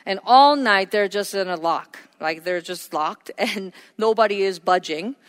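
A woman's voice: medium pitch, measured pace. A woman preacher giving an earnest, emphatic sermon with frequent fillers. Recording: long hall reverb.

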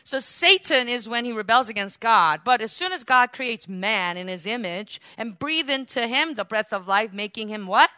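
A woman preacher teaches scripture with animated energy, often turning questions on her listeners. Her voice is bright and forceful, and the recording is dry and close, with no room echo. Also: on the high side, normal speed, few pauses, clean tone. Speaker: Bible teacher. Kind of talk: sermon-style Bible teaching.

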